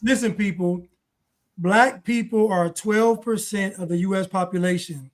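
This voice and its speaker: Emphatic high-voiced male livestream host. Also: measured pace. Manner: emphatic, preachy, repeats points. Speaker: show host. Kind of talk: livestream commentary.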